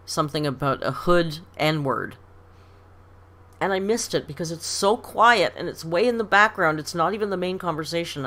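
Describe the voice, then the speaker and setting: A woman's voice: sits low, a bit bright. A middle-aged woman from Canada hosting a casual live stream, reading comments aloud and telling stories with frequent laughs. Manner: chatty storytelling, laughs often. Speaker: livestream host.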